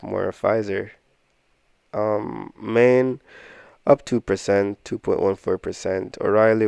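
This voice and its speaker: Male investing vlogger, low gravelly voice, rambling and self-deprecating, dry close sound. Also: a little mellow, no echo. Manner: rambling, self-deprecating, thinking aloud with frequent "I don't know". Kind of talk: casual portfolio walkthrough.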